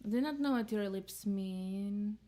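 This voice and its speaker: A woman's voice: mid-range voice, unhurried, dark tone. A woman hosting a casual music livestream, chatting in a playful, scatterbrained way. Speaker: streaming musician host.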